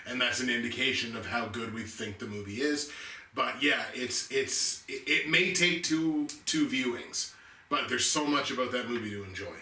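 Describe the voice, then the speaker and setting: A man co-hosts a movie review show, talking about films in a casual, enthusiastic way and rambling with frequent restarts. His voice sits at a medium pitch with a sharp tone and a moderate pace. He's off-mic and distant in an echoey room, with faint noise in the background.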